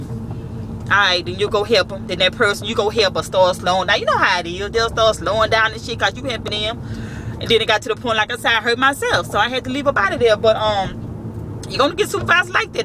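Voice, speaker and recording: Lady telling it straight, cussing, outside by a road with traffic noise. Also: on the high side. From Southern US. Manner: blunt, profane, storytelling with quoted voices. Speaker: vlogger giving work advice. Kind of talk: casual advice talk.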